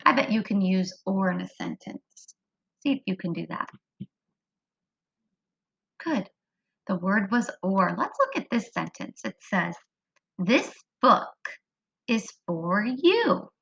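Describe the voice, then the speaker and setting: A woman teaching a phonics lesson to young children, slow and sing-song, drawing words out. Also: medium pitch, expressive, gravelly, fairly bright tone, lo-fi sound. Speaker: kindergarten teacher.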